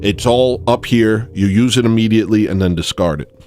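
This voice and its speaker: A man with a fairly low voice talks casually, winding through a story full of asides and tangents. He keeps checking in with the listener and laughs at himself now and then. Faint music sits in the background. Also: a little fast, darkish tone. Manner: storytelling with digressions, frequent "you know what I mean" and laughing asides. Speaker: podcast host. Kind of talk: casual rambling monologue.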